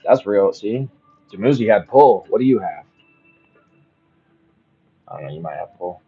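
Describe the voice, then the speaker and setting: A man's voice: on the low side, lively intonation, husky, narrow, tinny audio, faint music behind. A man reading a bedtime story aloud, breaking off now and then to muse casually on it. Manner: reads slowly, breaks off into musing casual commentary.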